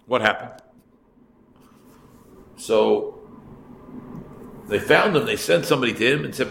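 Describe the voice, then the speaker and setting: A rabbi teaching a class, telling a story in an unhurried way, repeating phrases and adding asides for his listeners. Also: mid-range voice, expressive, vocal fry, a bit bright. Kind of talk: storytelling Torah lesson. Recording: echoey room, faint background noise.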